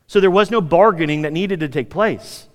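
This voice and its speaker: A man's voice: on the high side, moderate pace, in a large hall. An American man preaching a sermon, casual and emphatic, sometimes acting out the people in his story. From United States. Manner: conversational, emphatic, acts out quoted speakers. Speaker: pastor.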